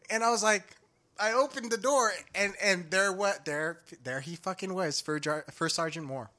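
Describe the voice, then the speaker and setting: A young man telling a story in casual chat with friends, animated, laughing often and swearing freely. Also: high-pitched, moderate pace.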